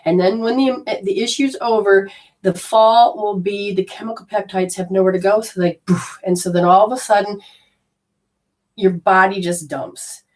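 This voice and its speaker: A woman's voice: mid-range voice, fairly even intonation, normal speed, recorded from a distance. A woman telling a personal story in a talk, acting out the quoted dialogue in a chatty way. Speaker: spiritual healer giving a talk.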